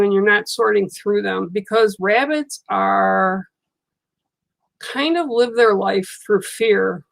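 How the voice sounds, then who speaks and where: Chatting with viewers and answering their comments, an older woman reads cards on a casual livestream in a soothing, talkative way. Her mid-range voice carries vocal fry.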